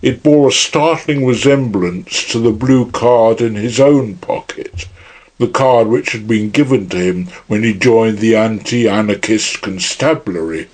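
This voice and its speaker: A man narrating an audiobook in a measured, unhurried reading style. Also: lowish voice, a little mellow. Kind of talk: scripted narration.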